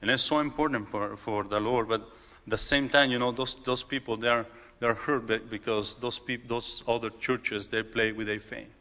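A man with a Mexican accent, a native Spanish speaker, delivers a sermon in broken English. He stumbles and repeats words, and his bright, forceful voice carries a long echo through a large hall. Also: mid-range voice, fairly even intonation, moderate pace. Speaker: preacher.

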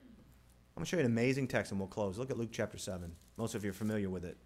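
A man preaching a sermon in an animated way, asking the crowd rhetorical questions and quoting scripture. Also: on the low side, fast talker. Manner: animated, rhetorical questions, mimics family scenes. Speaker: pastor.

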